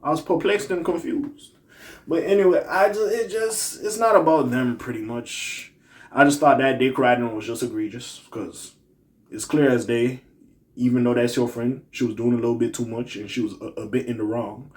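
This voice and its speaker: A man hosting a commentary channel, giving blunt, profane opinions in a casual rant that swings between muttering and loud outbursts. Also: mid-range voice, normal speed. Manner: blunt, profane, animated ranting with swings in loudness.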